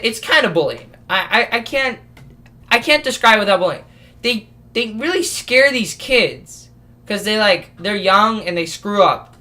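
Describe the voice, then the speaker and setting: A late-teen vlogger rambles through a casual podcast rant, swearing and restarting his sentences often. His voice sits high and sounds pushed and bright.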